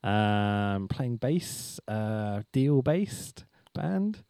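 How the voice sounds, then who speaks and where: A man's voice: lowish voice, very animated, extremely slow, mellow, smooth, dry recording, clean studio sound. A young man, chatting as a podcast guest, telling stories with lots of laughter and swearing. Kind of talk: casual chat.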